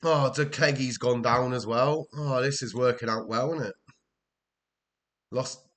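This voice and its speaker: A man's voice: medium pitch, steady tone, unhurried. A man from Wales giving casual commentary while playing a game, talking to himself, exasperated and swearing. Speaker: gameplay commentator.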